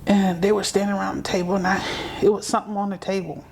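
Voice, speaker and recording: A woman's voice: medium pitch, level tone, fast talker, gravelly, a little mellow, slight background noise. A woman guest telling a personal story vividly, acting out the remembered dialogue as she goes.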